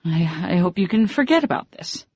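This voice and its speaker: A flustered, embarrassed young woman in an audiobook romance, as the narrator puts her on, her voice lifted high and anxious. She keeps apologizing. The recording is dry and a little dull. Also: big pitch swings, moderate pace, darkish tone, husky, no echo. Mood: apologetic.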